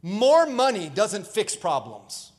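In a live sermon ringing with long hall reverb, a male pastor speaks slowly in a high voice whose pitch swoops wildly. He preaches emphatically, calling on the congregation to respond.

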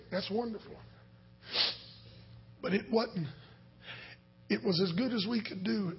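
A man pastor preaching a sermon as a story, swinging between loud shouted lines and hushed whispers. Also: high-pitched, husky. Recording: dull lo-fi sound.

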